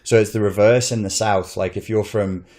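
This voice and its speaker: A man's voice: lowish voice, fairly even intonation, moderate pace, a little mellow. A man with a Northern English accent, hosting a podcast in casual, opinionated chat that rambles and swears. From Northern England. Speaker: podcast host.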